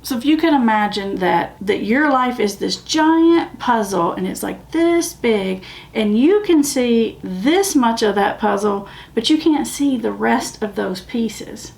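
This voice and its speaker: A woman with a Southern US accent hosts a recovery channel, speaking candidly, plainly and emphatically in casual talk to the camera. Her fairly high, expressive voice has a darkish tone and vocal fry, delivered at a measured pace.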